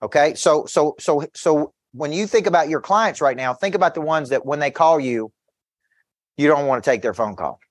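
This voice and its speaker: In a clean, studio-quality recording with no room sound, a man who coaches business gives an intense motivational seminar talk. His voice is a little high with lively intonation at a moderate pace. He leans on stories with quoted dialogue and repeated words to press his points.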